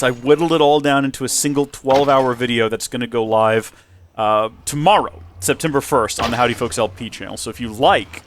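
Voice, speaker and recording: A man's voice: mid-range voice, a little hiss or hum. An American man hosting his channel, chatting casually in a rambling, self-correcting way with emphatic asides. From United States. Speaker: channel host. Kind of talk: casual vlog chat.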